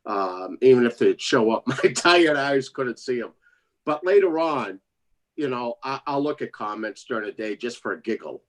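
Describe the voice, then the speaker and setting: A man chatting casually on a livestream, laughing often and jumping up high when he quotes others. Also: expressive, moderate pace.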